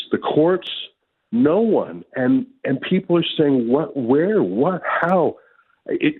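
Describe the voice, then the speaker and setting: A man in his fifties from Canada, a guest in a remote interview, talking in an agitated way with many repeated words and restarts. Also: medium pitch. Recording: tinny phone-like line.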